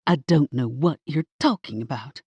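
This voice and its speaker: A spiteful, gum-chewing hairdresser witch, voiced by a woman reading an audiobook, snaps her words back in a defensive, grudging tone. Her lines swing up and down with lively emphasis. The sound is dry and close. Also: rumbling low, moderate pace, husky, dry recording, lo-fi sound, full character voice. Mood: nervous. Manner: snippy and defensive. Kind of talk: audiobook character voice.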